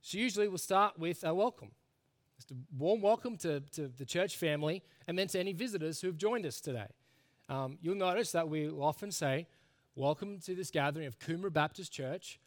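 A man in middle age preaches to his congregation, his voice sitting a touch higher than most men's. He talks in an earnest, conversational way, dropping low and quiet for solemn points and rising to emphatic bursts. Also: lively intonation, fairly quick. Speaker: pastor. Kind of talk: sermon.

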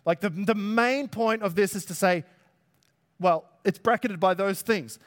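A man's voice: high voice, unhurried. A man preaching a sermon. He talks in a conversational way, asks the listeners rhetorical questions and pushes his voice up on key words. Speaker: pastor.

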